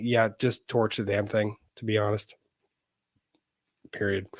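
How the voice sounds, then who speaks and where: Guy hosting a live stream, reads chat msgs out loud, jokey, swears a bit, dry close sound. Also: fairly low pitch, flat delivery, unhurried, pauses often, no room sound. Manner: chatty and wry, with frequent laughs and casual cursing. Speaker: host of a live-streamed legal talk show. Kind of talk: casual livestream chat, reading viewer messages aloud.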